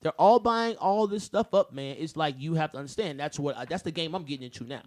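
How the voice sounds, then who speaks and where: A man co-hosting a casual podcast chat, who talks in animated rants and breaks into loud shouting bursts. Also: on the high side, brisk. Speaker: podcast co-host.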